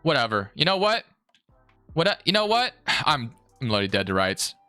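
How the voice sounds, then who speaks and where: A young man giving live commentary on his own football video game, excitable and swinging between frustration and hype. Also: mid-range voice, moderate pace, no echo, soft background music. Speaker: gaming YouTuber.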